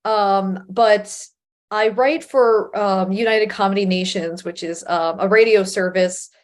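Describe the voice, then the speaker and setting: A woman comedian and comedy writer from Long Island, chatting casually in an interview, quick with sarcastic asides and frequent laughter. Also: medium pitch, fairly even intonation. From Long Island, New York.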